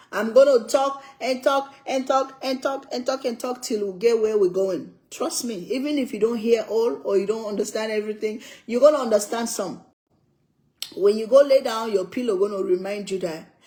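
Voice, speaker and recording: A woman's voice: a little high, mellow, rough recording. An older woman from Africa, chatting casually and emphatically while she eats, repeating her points and laughing often. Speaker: cooking vlogger. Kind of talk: casual chat while eating.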